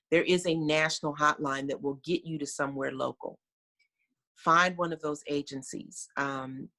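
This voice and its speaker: Earnest woman guest with a gravelly voice. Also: low-pitched, sharp tone. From United States. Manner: earnest, reflective storytelling with many fillers. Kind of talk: video call interview. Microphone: video call.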